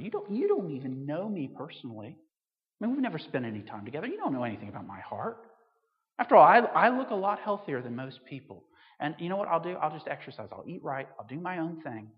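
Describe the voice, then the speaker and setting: A man doing a quietly seething, defensive patient. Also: sing-song, fast, big-room sound, highs cut off. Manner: low, clipped, seething. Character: quietly furious male patient, proud and defensive.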